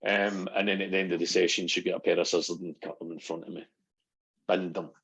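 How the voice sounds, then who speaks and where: A middle-aged man, a guest on a casual podcast, talking as an animated storyteller who acts out what people said. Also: sits low, fast, husky, poor audio. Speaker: guest, NLP practitioner.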